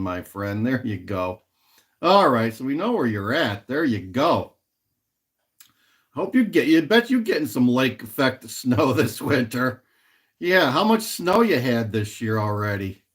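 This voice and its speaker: A middle-aged man hosts a casual livestream from home, reading viewer comments aloud and answering them. He talks slowly, repeating phrases as he goes. His pitch swings widely from line to line. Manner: rambling, repeats himself, reads and answers viewer chat. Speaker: livestream host. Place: home in Illinois.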